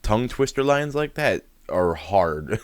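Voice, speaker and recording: A man's voice: medium pitch, big pitch swings, slow, no room sound. A man hosting a reaction video, exclaiming and swearing freely as he muses aloud in casual commentary.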